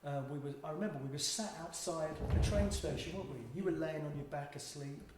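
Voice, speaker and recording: Guy spinning a funny story, laughs a lot, kinda high voice, super echoey room. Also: fast. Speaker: travelling preacher telling a story. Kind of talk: casual storytelling chat. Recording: very echoey room with faint noise.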